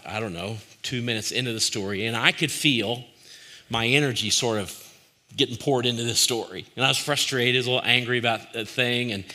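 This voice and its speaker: A man with a mid-range, sharp-toned voice, probably a pastor, delivers a reflective devotional talk. His style is conversational and searching; he often restarts sentences and puts questions straight to his listeners.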